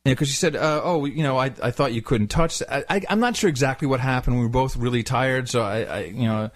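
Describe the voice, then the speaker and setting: A man's voice: mid-range voice, quick pace, dry recording. A man co-hosting a podcast, telling a travel story casually and acting out the people he quotes in mocking voices. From Netherlands. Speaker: podcast co-host.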